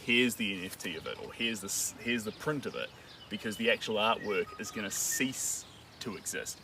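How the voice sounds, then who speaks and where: A man chats on a live stream as he paints, rambling and joking while he thinks aloud. His voice sits low, and he is picked up from some distance by the mic. Outdoor sounds, with birds and a rural backdrop, come through clearly behind him. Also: expressive, normal speed, noisy background.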